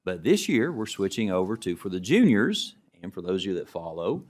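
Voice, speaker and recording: Middle-aged guy w a really low voice, education official chatting through slides, loose and storytelling. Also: brisk. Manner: relaxed storytelling, frequent restarts. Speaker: state education commissioner. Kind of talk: presentation remarks to a student council.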